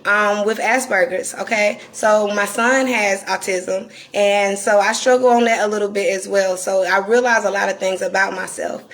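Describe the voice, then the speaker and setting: Raspy Southern woman, candid live talk. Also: mid-range voice, steady tone. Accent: Southern US, North Carolina. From North Carolina, US. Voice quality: raspy, croaky voice. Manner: reflective and candid, slowed deliberate delivery. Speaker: astrologer live-streaming to viewers. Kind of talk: casual live-stream talk.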